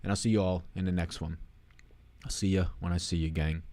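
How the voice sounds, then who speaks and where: A man's voice: low-pitched, steady tone, a little fast, mellow. A young man hosting a sports betting livestream, signing off in a rambling, profane, joking way and out of breath. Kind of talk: casual livestream sign-off chat.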